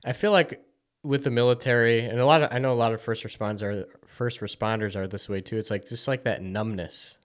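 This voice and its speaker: Male podcast host, mid-pitched, gentle and hedging, casual interviewer. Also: fairly even intonation, a little fast. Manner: soft, hedging questions full of "kinda" and "like".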